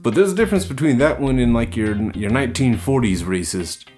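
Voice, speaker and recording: Man, mid-pitched voice, casual podcast chatter, profane and rambling. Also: expressive, a little fast, a little mellow, soft background music. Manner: rambling, profane, many filler likes. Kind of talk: casual chat.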